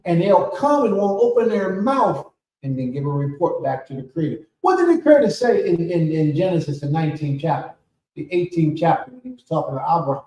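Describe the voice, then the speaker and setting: Man, spiritual leader, sermon, high voice, roomy echo, rising to shouts. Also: very animated, fairly quick. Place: temple hall. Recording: echoey room from far off.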